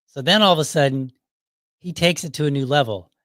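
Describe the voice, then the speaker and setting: A man's voice: fairly high pitch, brisk, fairly bright tone, dry recording. A middle-aged man hosting his own show, telling a casual story in a loose, conversational way and chuckling often as he goes. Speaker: podcast host.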